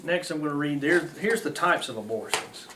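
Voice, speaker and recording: A man's voice: on the high side, expressive, brisk. A man reading aloud and delivering blunt, mocking moral commentary in folksy, plain-spoken grammar. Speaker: preacher. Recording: roomy, distant mic with faint hiss.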